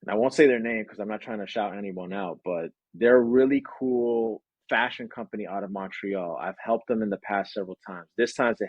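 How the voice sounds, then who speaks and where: A man answering interview questions about his business, energetic and lively, acting out quotes and sound effects. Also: on the low side, brisk, hardly any pauses, husky, dry recording, phone-quality sound. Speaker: branding agency owner.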